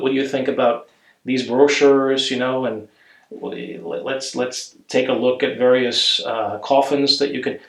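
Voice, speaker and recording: A male therapist telling a story in an interview, stammering with repeated words and acting out quoted lines. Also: mid-range voice. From Norway. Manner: stammering repetitions, animated quoting. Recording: roomy echo.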